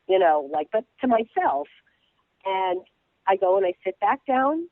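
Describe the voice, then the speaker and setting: Animated woman on a tinny phone line. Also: medium pitch, moderate pace, no echo. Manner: animated, irreverent, many fillers and restarts. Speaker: guest blogger. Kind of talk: casual storytelling on a call-in show.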